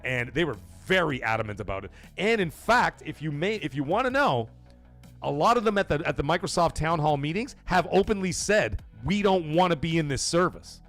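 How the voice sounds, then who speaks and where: A man hosts a gaming news live stream and talks straight to his viewers in a loose, swearing, animated way. His mid-range voice jumps up and down in pitch. Faint music runs underneath. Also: fairly quick. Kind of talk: casual live-stream commentary.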